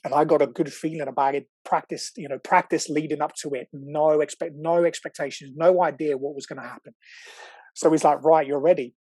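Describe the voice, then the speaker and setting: A man, a podcast guest telling a personal story in casual chat, animated, swearing now and then and acting out what people said. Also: a little high, a little fast, breathy edge, no room sound. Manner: animated, excitable, swears, acts out quotes.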